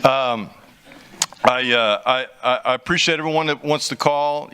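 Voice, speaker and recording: A middle-aged man with a bright, forceful voice of ordinary pitch speaks as a city council member at a swearing-in. His talk rambles and jokes, and he often pokes fun at himself. He is speaking in a city council chamber. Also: unhurried, clear, resonant tone. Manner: joking, rambling, self-deprecating. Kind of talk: informal speech at a council swearing-in.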